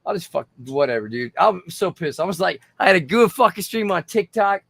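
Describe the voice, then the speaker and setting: Tipsy, gravelly-voiced man rambling on a livestream. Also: high-pitched, lively intonation, a little fast, a bit bright, no echo. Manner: rambling, profane, laughing. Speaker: livestream host. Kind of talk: casual livestream chat.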